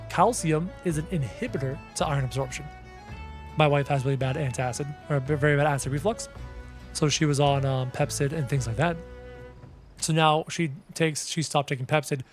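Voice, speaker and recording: A man streaming a game and chatting casually with viewers, a projecting, energetic talker with faint game music behind. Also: a little high. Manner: projects his voice, loud and energetic. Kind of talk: casual live-stream chat.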